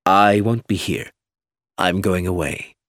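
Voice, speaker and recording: A man reading an audiobook, voicing a guarded ex-convict in a low, clipped, menacing way. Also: takes it slowly, fairly bright tone, no echo, clean studio sound. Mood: cold. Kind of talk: audiobook character voice.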